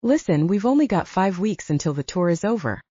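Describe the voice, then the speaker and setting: A woman narrator voices a steady male band manager in a romance audiobook. He talks in calm, placating tones, mellow and expressive. The sound is dry and slightly dull. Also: on the low side, a little fast, breathy edge, dry recording. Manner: calm and reasoning.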